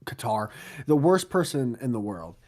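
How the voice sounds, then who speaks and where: A man's voice: mid-range voice, very animated, normal speed, mellow. A man co-hosting a podcast, complaining in casual chat with dry, profane humor. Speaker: podcast co-host.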